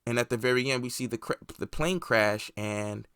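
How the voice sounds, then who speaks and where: A man's voice: mid-range voice, normal speed, fairly bright tone, smooth, dry recording, clean studio sound. A man hosting a movie review channel, casually recapping a series in a loose, rambling way with plenty of swearing and filler words.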